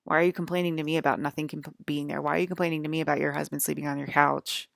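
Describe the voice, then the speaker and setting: Low gravelly rambling woman. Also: flat delivery, racing, no room sound, studio quality. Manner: rambling, heavy use of "like", swearing, agitated. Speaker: vlogger. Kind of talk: rambling monologue to camera.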